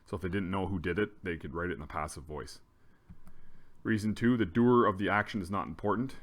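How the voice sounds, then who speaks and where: A male teacher explaining a grammar lesson in a relaxed way, often restarting his sentences. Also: sits low, a little fast.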